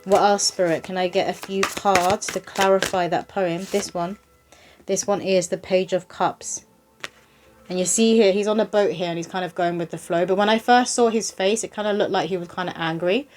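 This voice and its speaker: Speaking straight to the viewer, a psychic medium gives a casual, reassuring tarot reading in a chatty manner. Her voice is mid-range and a little mellow, with fairly even intonation and a normal speed.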